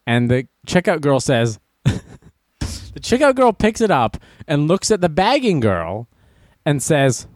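A man's voice: on the high side, sing-song, slow, darkish tone. A man hosting a talk show, joking through news items and stories and laughing often. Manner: playful, laughs often, reads news items aloud with wisecracks. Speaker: radio show host.

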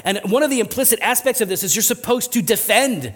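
A man's voice: very high voice, expressive, fast, few pauses, a bit bright. A male pastor preaching a conversational sermon, often tossing in "right?" asides and building to emphatic swells.

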